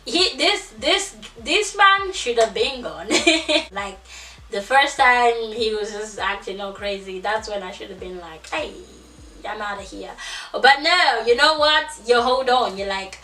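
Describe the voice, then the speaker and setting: A young woman telling a casual storytime to her viewers. She is animated, acts out quotes and laughs a lot. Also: on the high side, a little slow, roomy sound, distant mic. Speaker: vlogger.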